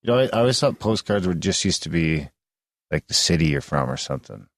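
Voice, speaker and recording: A man's voice: deep voice, big pitch swings, quick pace, fairly bright tone, dry recording. A man co-hosting a podcast, joking and teasing in casual chat. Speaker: podcast co-host.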